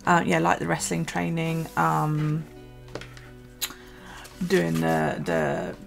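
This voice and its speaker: A woman's voice: deep voice, big pitch swings, slow pace, gravelly, soft background music. A woman from the UK, chatting casually in her vlog, tired and yawning, rambling with many ums and restarts. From United Kingdom. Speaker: vlogger. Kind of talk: casual chat over a journaling video.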